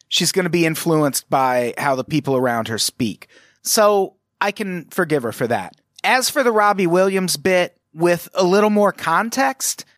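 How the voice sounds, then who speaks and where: An American man narrates a commentary video with a sarcastic, profane edge and quick animated asides. His voice sits a little high for a man. The recording is dry and close, with no room sound. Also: dry recording. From United States. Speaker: commentary host. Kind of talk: casual scripted commentary.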